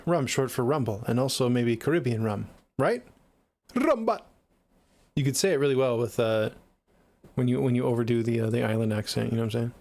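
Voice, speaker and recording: A man's voice: mid-range voice, steady tone, fast talker, gravelly, darkish tone. A young man with a Seattle accent chatting casually on a livestream, reading viewer comments in a laid-back, joking, profane way. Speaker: livestreaming music producer.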